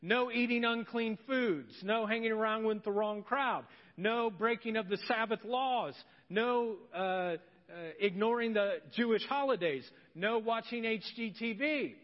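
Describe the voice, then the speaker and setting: A man preaching a sermon as pastor, humorous and animated, acting out voices of the people in his story. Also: high voice, unhurried. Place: church hall. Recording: muffled church hall recording with long reverb.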